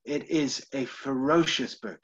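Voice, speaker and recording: British male tour guide, chatty and informal, a bit husky, lo-fi online audio. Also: mid-range voice, fairly even intonation, a little slow. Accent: British English. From United Kingdom. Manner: chatty, checks in with listeners, frequent ums. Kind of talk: live online literary tour talk with poem readings.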